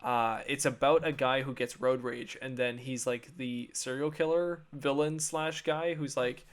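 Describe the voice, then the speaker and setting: A man's voice: medium pitch, steady tone, measured pace. A young man co-hosting a casual podcast, rambling through a story with many fillers. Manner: rambling, lots of fillers and retold quotes. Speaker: podcast co-host. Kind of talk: casual chat.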